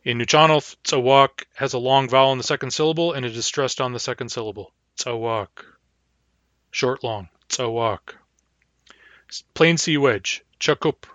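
A man's voice: medium pitch, a bit bright, no room sound. A man teaching a language, giving a pronunciation lecture and saying each example word twice as a model. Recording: dull, lo-fi dry recording.

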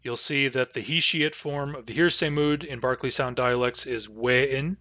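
Man slowly teaching language lesson. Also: mid-range voice, fairly even intonation, sharp tone, dry recording, muffled recording. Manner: slow, careful pronunciation of example phrases.

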